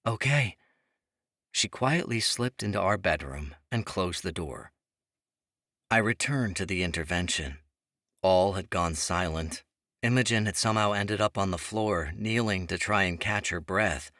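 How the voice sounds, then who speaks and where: A man's voice: sits low, a little slow, bright, forceful tone, no room sound. Man narrating an audiobook, dry booth sound. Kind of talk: first-person audiobook narration.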